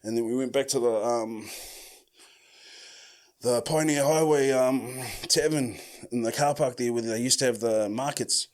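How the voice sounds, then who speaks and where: A man with a New Zealand accent telling a story casually as a podcast host, full of slang and swearing, who acts out the quoted lines loudly. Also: mid-range voice, unhurried.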